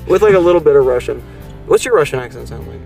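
A man's voice: animated, quick pace, creaky, a little mellow, faint music behind. A young man co-hosting a podcast, joking around and swearing freely in casual banter. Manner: joking, swears freely, bursts into silly high accents. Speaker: podcast co-host.

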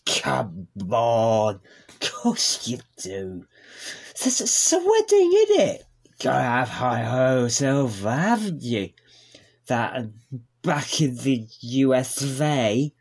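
A man playing a loud, rambling drunken uncle at a wedding in a comedy sketch read-through, stammering and slurring. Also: mid-range voice, very animated, slow pace, heavily acted. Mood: insistent.

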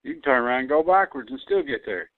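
A man's voice: medium pitch, expressive, fast talker, no room sound. A puzzled, laconic man answering a prank call, giving short replies and asking who is calling. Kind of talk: phone conversation. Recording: tinny phone line.

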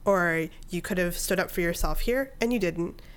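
Fairly low-pitched and clear, her resonant voice moves at a normal speed. The speaker, a woman in her thirties, is a podcast guest relating a personal anecdote in easygoing conversation while acting out what she was thinking.

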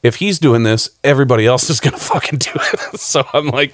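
A man, a film director guesting on a podcast, telling profane, animated stories in casual chat. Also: mid-range voice, a little fast, dry recording.

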